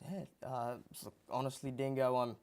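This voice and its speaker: A man hosting a mock TV comedy show, with showy announcements broken up by flat deadpan asides. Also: medium pitch, moderate pace.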